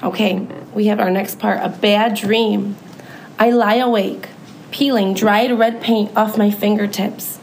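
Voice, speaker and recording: A woman who teaches third grade, reading a children's book aloud with friendly, expressive commentary. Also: mid-range voice, a little slow, slight background noise, poor audio.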